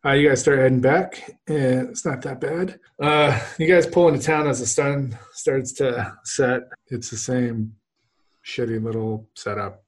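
A man's voice: medium pitch, fairly even intonation, a little slow. A man narrating as game master of a tabletop game, casual and often laughing.

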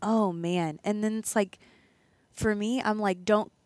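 A woman's voice: mid-range voice, steady tone, unhurried, darkish tone, no echo. A woman co-hosting a podcast, telling a story in casual chat and acting out the people she quotes. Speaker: podcast co-host.

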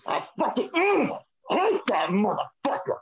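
A man's voice: very high voice, wildly swooping pitch, measured pace, husky, dull audio. A man co-hosting a podcast, ranting angrily and swearing hard. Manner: angry, swearing, fired up. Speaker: podcast co-host. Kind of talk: profane ranting chat.

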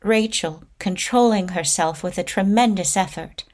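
A woman reading stage directions in a plain, measured narration. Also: medium pitch, a little mellow.

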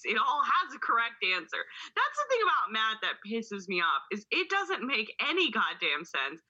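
A woman's voice: sits high, sharp tone, husky, muffled recording. A woman co-hosting a podcast in casual chat, loose and chatty, swearing and laughing as she goes. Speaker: podcast co-host.

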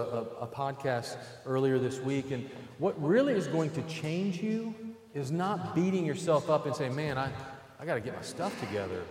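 A man's voice: medium pitch, a little mellow. A man preaching a sermon as pastor, conversational and emphatic, with casual asides to the congregation. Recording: roomy hall with long reverb.

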